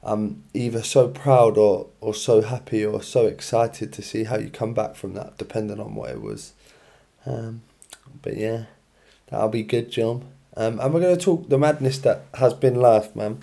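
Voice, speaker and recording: Young guy solo podcasting, tired n yawny, slangy rambling chat, kinda lowish voice. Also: normal speed, gravelly, warm tone. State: tired, yawning. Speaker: podcast host. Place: his own room. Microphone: own podcast mic.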